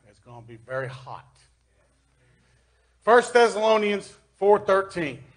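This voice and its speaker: Folksy Southern preacher, high voice. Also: male voice, big pitch swings, a little slow. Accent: Kentucky Southern US. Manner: folksy, swings from loud emphasis to quiet asides. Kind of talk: sermon with scripture reading. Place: church.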